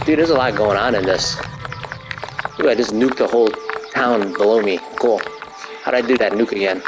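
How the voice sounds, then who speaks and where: A man casually commentating his gameplay, rambling and joking with crude swearing and excited outbursts while stretching. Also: on the low side, brisk, rough recording. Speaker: gamer commentating his play. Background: arcade game music.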